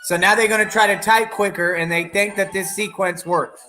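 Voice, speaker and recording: A man's voice: high-pitched, steady tone, moderate pace, pushed and bright, echoey room, faint music behind. A man hosting an online radio show, ranting in a defiant, boastful and profane way at his critics. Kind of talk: ranting live-stream monologue.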